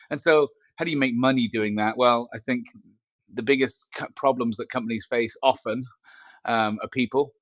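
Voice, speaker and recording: A man's voice: mid-range voice, fairly even intonation, normal speed, fairly bright tone, no room sound, dull audio. A man talking as a company CEO guest in a casual interview chat, joking and self-mocking as he rambles with fillers, recorded through a headset mic built into his glasses. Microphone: glasses-frame headset mic.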